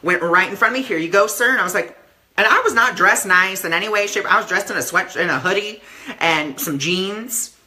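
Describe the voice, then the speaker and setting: A man's voice: sits high, brisk, bright, forceful tone. A man giving a casual live-stream talk as a spiritual teacher, earnest and repeating affirmations, with many "you know" fillers.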